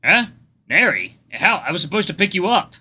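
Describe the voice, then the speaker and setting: Flustered young guy, a man reading him, stammering, bright and a bit high. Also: very animated, normal speed, breathy edge, exaggerated voice.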